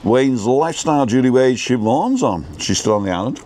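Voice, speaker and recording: A man's voice: medium pitch, animated, fairly quick, dark tone. A man co-hosting a casual live stream, greeting viewers by name in a chatty, playful way. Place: outdoors in Tenerife.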